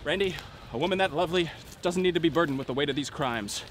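An actor playing a self-important, easily flustered private detective in a comedy web series, recorded outdoors on a city street. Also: male voice, fairly high pitch, quick pace, a little hiss or hum, close to an everyday voice. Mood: exasperated. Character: bumbling pompous male private eye.

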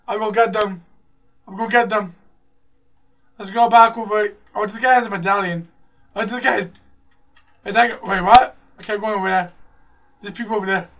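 A man calls out live gameplay in a high, bright voice, jumping from one excited thought to the next. He repeats lines over and over and throws "bro" into nearly every sentence. His voice sounds a little distant from the microphone. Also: normal speed, long pauses. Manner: excitable, repeats phrases, says "bro" constantly. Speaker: gaming channel host.

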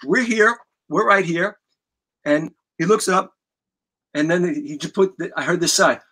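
A middle-aged man tells an animated story in a bright, fairly high voice with a forceful edge. He swears freely and acts out each scene as he goes. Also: a little slow, husky. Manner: vivid, profane, acts out scenes. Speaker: guest musician.

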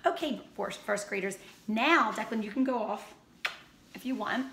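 A woman who teaches first grade, reading a picture book aloud to her class in a slow, expressive storybook manner. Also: on the high side, vocal fry. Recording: roomy echo, faint ambient noise.

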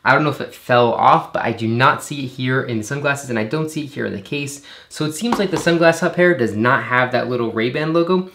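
Guy doing a chill unboxing voiceover, even mid voice, slow and methodical. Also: medium pitch, background noise. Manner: methodical, calm, repeats "going to be". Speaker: product reviewer. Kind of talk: unboxing voice-over. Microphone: shotgun mic.

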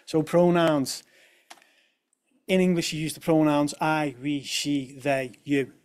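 A man's voice: fairly high pitch, flat delivery, takes it slowly, a little mellow, clean tone. A young man from presents a talk to an audience and drops in light humorous asides. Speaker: speaker at a talk on language.

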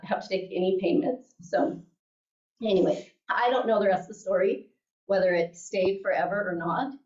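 The speaker is a female class instructor whose voice is medium-pitched with a darkish tone. In a chatty manner she tells her class a story, checking in again and again with "right?" and "okay?". The sound is dull and echoey, picked up by a distant mic.

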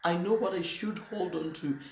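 A woman's voice: lowish voice, moderate pace. A woman pastor preaching a sermon in a blunt, emphatic, plain-spoken way. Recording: roomy echo, faint noise.

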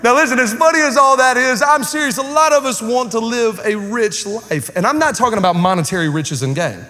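A man with a high voice preaches a lively sermon, trading jokes with the congregation in casual slang. His voice carries a long reverb from the church hall around him. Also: a little fast. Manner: joking, conversational preaching with Southern slang. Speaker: pastor. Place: church sanctuary with live congregation.

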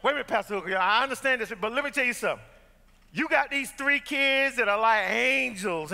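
A man's voice: very high voice, fairly quick, vocal fry, bright, forceful tone. A middle-aged man preaching a sermon as pastor, repeating phrases, stammering through restarts and calling the congregation to respond. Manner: impassioned, repetitive preaching with audience call-and-response. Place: church sanctuary with gallery. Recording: long hall reverb from church.

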